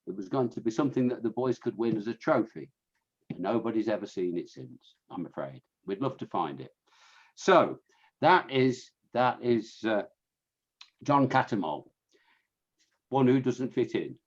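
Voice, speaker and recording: A man's voice: fairly low pitch, lively intonation, normal speed, long pauses, lo-fi sound. A man with a Fenland accent giving an illustrated history talk to an audience, chatty, with restarts and asides to his listeners. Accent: Fenland English. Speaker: lecturer on scouting history.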